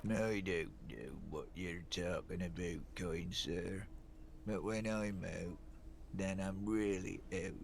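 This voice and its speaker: A sleepy, surly dock worker. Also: male voice, low voice, slow, creaky, slight background noise, heavily acted. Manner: drowsy and evasive, curt answers.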